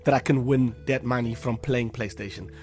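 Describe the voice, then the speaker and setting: A man's voice: medium pitch, steady tone, normal speed, a little mellow, soft background music. A man, co-hosting a radio news segment, reading items in a put-on newsreader delivery and teasing his co-host wryly. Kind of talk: casual radio banter.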